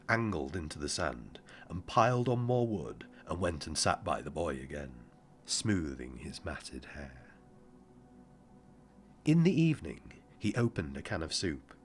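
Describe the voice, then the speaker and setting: A man narrating an audiobook in a measured, somber way. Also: extremely low pitch, fairly bright tone, slight background noise.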